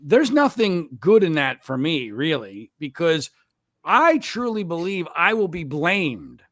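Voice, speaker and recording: A man's voice: a little high, sing-song, unhurried, fairly bright tone, dry recording, studio quality. A man in his late fifties, a podcast guest talking casually, emphatic and sarcastic, often repeating words as he starts a thought. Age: 50s.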